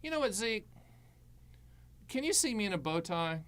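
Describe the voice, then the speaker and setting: A man hosting a live stream on annuities, giving blunt, sarcastic and animated advice full of jokes. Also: sits high, moderate pace.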